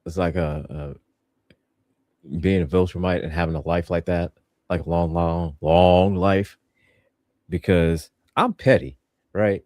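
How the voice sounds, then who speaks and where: A man's voice: low voice, steady tone, unhurried, pauses often, darkish tone, no echo, clean studio sound. A man hosting a podcast, reviewing a show in casual, joking chat. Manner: playful, joking, laughs a lot. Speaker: podcast host.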